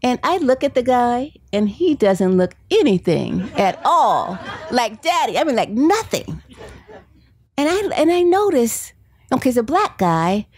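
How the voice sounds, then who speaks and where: A woman's voice: a little high, very animated, measured pace, a little mellow, breathy edge. A woman author and psychology professor giving a storytelling book talk at a bookstore event, chatty, laughing often and acting out the quotes.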